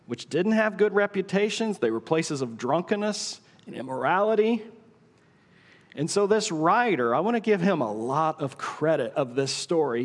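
A middle-aged male pastor preaching a sermon in a church auditorium, telling the story with dramatic pauses and hushed asides. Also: sits high. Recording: long hall reverb.

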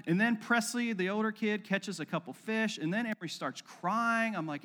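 A pastor preaching a sermon in a relaxed, joking way, acting out everyday scenes for his listeners. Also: high voice, normal speed, hardly any pauses. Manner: conversational and joking, acts out little scenes. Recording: long reverb of a hall.

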